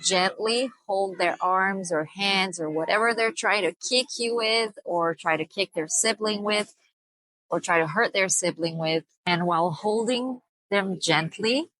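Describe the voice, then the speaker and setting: A young woman gives earnest parenting advice straight to the camera, explaining each point with care and slowing down to stress the key ones. Her voice is bright and clear, and it is recorded close and dry, with no room sound. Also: medium pitch, dry recording, low-quality recording. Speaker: parenting vlogger.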